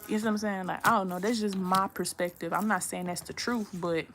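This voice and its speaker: A woman's voice: mid-range voice, fairly even intonation, brisk, a bit bright, slight background noise. A young woman from Texas, chatting to camera at home in a blunt, profane, rambling way. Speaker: vlogger. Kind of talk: casual chat to camera. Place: her room at home.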